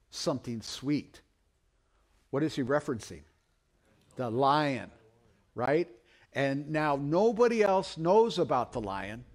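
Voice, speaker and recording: A middle-aged man preaching a sermon as pastor, telling a story and acting out the quoted voices. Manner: storytelling, acts out quoted voices with big pitch swings.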